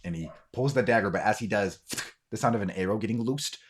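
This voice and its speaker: Guy running a tabletop game, lowish voice, loose storytelling, lots of ums. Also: fairly quick, slight background noise. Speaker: game master.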